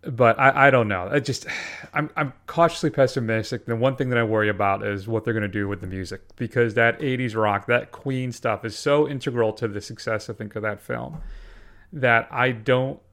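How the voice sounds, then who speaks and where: A man co-hosting a casual film podcast. He talks in halting bits and pieces, trailing off and starting his thoughts again. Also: medium pitch, a bit bright. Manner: hesitant, trails off and restarts. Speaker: podcast co-host.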